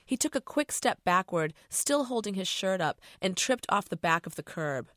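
A woman's voice: mid-range voice, very animated, normal speed, fairly bright tone, dry recording, clean studio sound. A middle-aged woman author reading her novel aloud in a casual, profane first-person voice.

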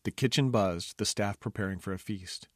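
A man reading his own novel aloud, wry and expressive in narration. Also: on the low side, normal speed, dry recording, clean studio sound. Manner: wry, expressive, doing character voices. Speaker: audiobook narrator. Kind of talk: scripted narration.

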